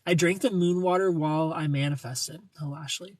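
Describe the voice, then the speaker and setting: A man's voice: a little high, fairly even intonation, a little fast, a little mellow, no room sound. A young man hosting a casual livestream, reading viewer comments and joking playfully, greeting people by name. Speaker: livestream host reading chat.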